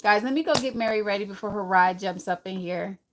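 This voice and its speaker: A woman's voice: mid-range voice, brisk, background noise. Earnest woman live-streaming to viewers. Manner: earnest, rambling, talks straight to viewers. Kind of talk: casual live-stream chat.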